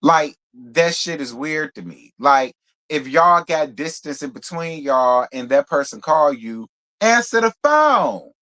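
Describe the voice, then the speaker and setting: A man with a slightly high voice gives casual live commentary on a reality dating show. He is sassy and blunt and swears freely. He breaks off into animated asides. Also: unhurried. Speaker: reality TV review host.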